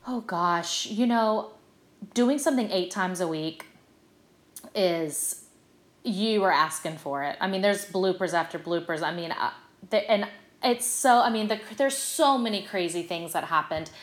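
A middle-aged actress telling stories in a casual interview, animated and full of fillers. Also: female voice, fairly low pitch, measured pace, roomy sound. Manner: bubbly, animated storytelling with many fillers. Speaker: guest, stage actress.

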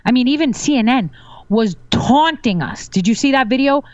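A woman's voice: on the high side, expressive, normal speed, no room sound, lo-fi sound. A woman guest on a casual political talk show, speaking assertively and making confident predictions. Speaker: guest commentator.

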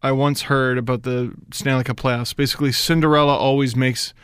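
Bright-voiced, animated sports podcast host. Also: male voice, medium pitch, clean tone, no echo, clean studio sound. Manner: animated, sarcastic, quick to joke. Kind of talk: casual sports chat.

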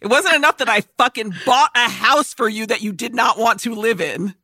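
Bright-voiced, cussing storyteller woman. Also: on the high side, fairly quick, dry recording, clean studio sound. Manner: profane, laughing storyteller. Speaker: podcast co-host. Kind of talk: casual chat.

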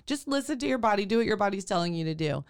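A woman hosting a podcast as a birth doula, chatting in a lively, laughing way as she recalls a client's births. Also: medium pitch, very fast, clean tone. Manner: animated, laughing storyteller. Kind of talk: casual podcast chat.

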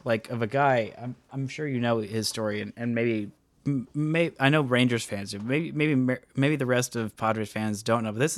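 A man's voice: mid-range voice, dry recording. Male podcast co-host, casual and chatty, dry close sound. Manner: chatty, lots of fillers, jokey. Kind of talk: casual sports podcast chat.

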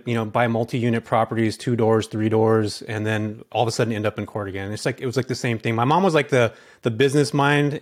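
Fast-talking man telling his story. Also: medium pitch. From California. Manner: fast, chatty storyteller with many fillers. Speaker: guest, real estate investor. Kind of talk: casual interview talk.

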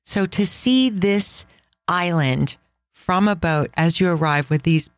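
A woman's voice: on the low side, slow pace, no echo. A woman hosting a casual travel podcast, talking with enthusiastic, chatty storytelling. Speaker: podcast host.

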